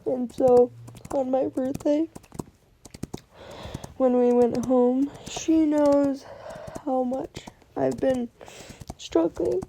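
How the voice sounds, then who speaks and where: A woman's voice: sits high, steady tone, extremely slow, creaky, long pauses, warm tone, a little hiss or hum, rough recording. A young woman telling an emotional personal story, rambling with restarts and quoting what others said. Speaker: vlogger.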